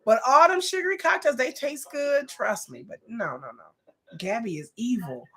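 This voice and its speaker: A woman with a fairly high voice chats casually through a reaction video. She is animated and blunt, exclaiming often. Her delivery is loose and unscripted. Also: normal speed, breathy edge.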